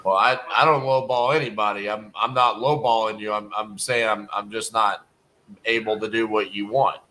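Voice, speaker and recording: A man from Texas on a sales call, calmly pressing the caller with logical questions. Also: on the low side, normal speed, rough recording. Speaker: real estate wholesaler, host.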